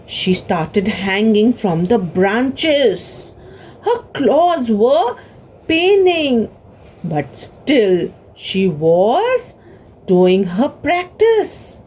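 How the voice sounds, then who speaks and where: A woman with an Indian English accent telling a story to children, expressive and gasping, asking the children questions. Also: fairly high pitch, very slow, a little hiss or hum.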